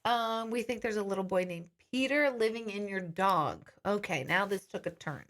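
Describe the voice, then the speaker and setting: A woman's voice: medium pitch, moderate pace, a bit bright. A woman hosting a live-stream question and answer session as a psychic medium, chatting casually and reading viewer comments aloud.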